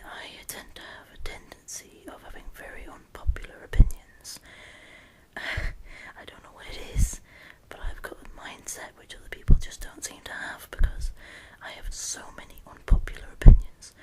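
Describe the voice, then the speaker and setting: A woman's voice: normal speed, warm tone. A woman, whispering a discussion vlog close to the microphone at home late at night, rambling with frequent restarts. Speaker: YouTuber.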